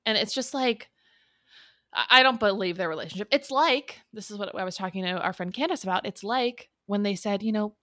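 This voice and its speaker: A woman's voice: medium pitch, fairly quick, fairly bright tone, no echo. Woman, podcast co-host, sarcastic, giggly, dry close sound. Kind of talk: casual chat.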